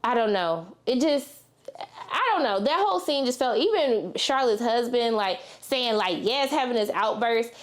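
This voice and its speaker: A woman's voice: on the high side, expressive, unhurried. A woman chatting animatedly as a TV reviewer, slangy and talking straight to her viewers. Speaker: TV show reviewer. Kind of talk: casual review chat with personal story.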